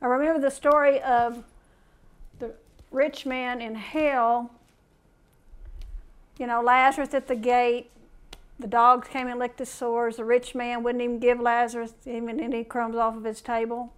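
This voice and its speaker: A woman's voice: on the high side, level tone, a little slow, long pauses, smooth. A middle-aged woman preaching a conversational sermon, reading scripture aloud and asking the listeners questions.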